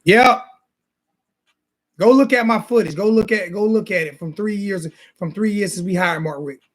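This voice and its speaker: A man's voice: sits high, moderate pace. A man hosting a sports talk show, ranting in a heated, repetitive way and throwing insults. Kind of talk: heated casual sports rant.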